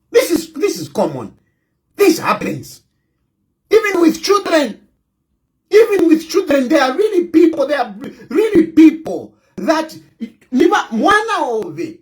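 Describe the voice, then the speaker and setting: A middle-aged man with a Zambian accent, delivering a fervent political commentary, repeating himself and often raising his voice to a shout. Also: extremely high pitch. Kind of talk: impassioned monologue.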